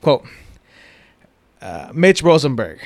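A man's voice: mid-range voice, takes it slowly, no echo. A man co-hosting a podcast, telling a prank story in casual chat and swearing freely. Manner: animated, acts out quoted voices, swears freely. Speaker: podcast co-host.

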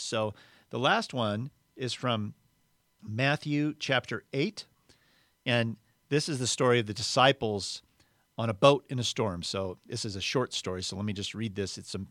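A man's voice: medium pitch, a bit bright, no room sound, studio quality. A man preaching a sermon in an earnest, conversational way, retelling scripture in plain everyday words. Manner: earnest, conversational, acts out the quoted voices.

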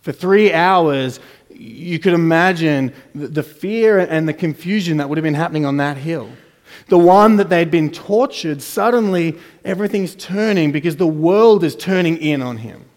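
Preaching man in an echoing hall. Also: normal speed. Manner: dramatic swings between soft, low asides and raised emphatic lines. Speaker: pastor. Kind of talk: sermon. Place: church hall. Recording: church hall with long reverb.

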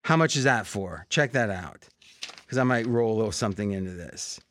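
A man hosting a sports betting podcast in a joking, salesy way, pitching deals to his listeners. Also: expressive, a little fast, fairly bright tone, a little hiss or hum. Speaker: podcast host.

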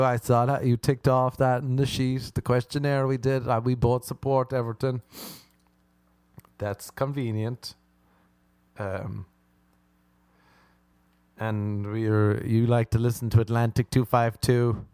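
Male comic, animated delivery with acted-out voices, dry mic. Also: mid-range voice, moderate pace, no echo. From Ireland. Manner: animated, acts out voices, laughs at own jokes. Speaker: stand-up comedian. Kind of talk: stand-up comedy routine.

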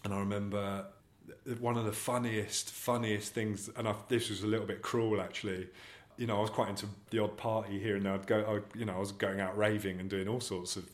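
A man's voice: fairly low pitch, flat delivery, fairly quick. A man speaking as an actor guest in a casual interview, telling rambling, self-deprecating anecdotes. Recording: echoey room.

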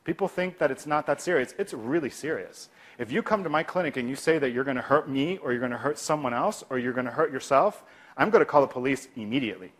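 A clinician with a medium-pitched voice moves at a quick pace through an energetic how-to talk on de-escalation. He frequently acts out responses in a hushed, tranquil tone.

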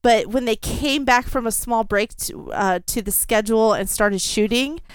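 A woman's voice: on the high side, normal speed, clean tone, no room sound. A woman co-hosting a podcast, chatting casually about a film with fillers and swearing. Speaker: podcast co-host.

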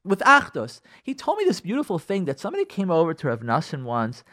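On air, a quick-paced man with a higher-pitched voice spins a rambling, conversational tale. He's animated, voices the quoted lines of the people in the story, and keeps using fillers and restarting.

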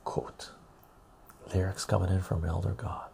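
A man hosting a soft-spoken ASMR live stream, reading out song lyrics from viewers in a slow, quiet way, his voice going rough and cracking. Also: low voice, level tone, slight background noise.

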